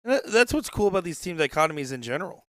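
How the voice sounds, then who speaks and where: Man, darts commentator, chatty and joking, higher voice, dry sound. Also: very animated, quick pace, no room sound. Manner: chatty, joking, rambling asides. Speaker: dart commentator. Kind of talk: live sports commentary, casual banter.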